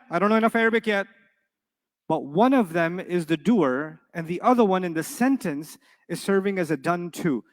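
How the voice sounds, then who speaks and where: A middle-aged man teaching Arabic to a live class, playful and jokey, often quizzing his students. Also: high voice. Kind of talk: classroom lecture to a live audience. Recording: reverberant lecture hall.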